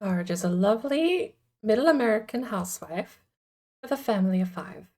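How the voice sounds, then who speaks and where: A woman's voice: mid-range voice, expressive, moderate pace, a little mellow. A woman streaming a card game, chatting casually and playfully and laughing often. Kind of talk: casual chat while gaming.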